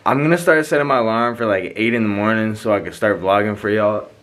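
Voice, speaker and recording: A young man greeting his vlog viewers casually from a studio, in a laid-back, relaxed way. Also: fairly low pitch, fast talker. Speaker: vlogger.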